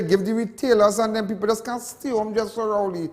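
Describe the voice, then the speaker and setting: Speaking from a large hall, a Trinidadian television host with a high-pitched, slightly mellow voice keeps a steady tone and a fairly quick pace, barely pausing. He rambles through an impassioned monologue, repeating himself and using plenty of local slang.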